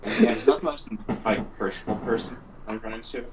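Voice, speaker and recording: A man's voice: mid-range voice, very animated, a little fast, gravelly, recorded from a distance, heavy background noise. A man playing a cleric in a tabletop game, talking hesitantly with many fillers. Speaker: player. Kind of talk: casual chat about a tabletop game.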